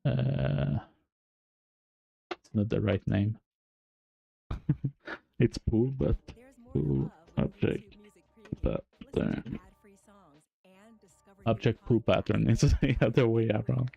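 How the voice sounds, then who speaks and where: A native French speaker with a French accent explains game code on a live stream, halting and correcting himself and chuckling at his own slips. His mid-range voice has vocal fry, and the lo-fi audio carries faint music behind him.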